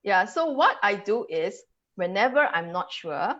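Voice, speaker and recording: A Singaporean English coach teaches pronunciation on a video call, her medium-pitched voice sing-song, a little slow, and a bit bright, with the highs cut off. In this webinar she drills sounds aloud and laughs often.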